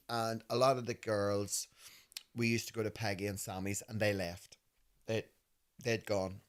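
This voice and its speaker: A man in his fifties with a Belfast accent, co-hosting a podcast and telling animated, laughing stories that act out voices. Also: lowish voice. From Northern Ireland. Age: 50s. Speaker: podcast host. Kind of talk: casual storytelling chat.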